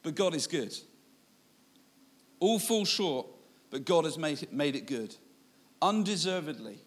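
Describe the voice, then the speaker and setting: A man's voice: fairly high pitch, expressive, measured pace. A male preacher giving a sermon, telling a self-deprecating story and laughing at himself. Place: church.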